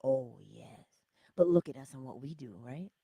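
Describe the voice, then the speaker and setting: A middle-aged woman hosting a spiritual self-help livestream, talking casually and animatedly, jumping from loud exclamations to whispers. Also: extremely low pitch, normal speed, creaky, breathy edge, no room sound. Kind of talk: casual motivational talk.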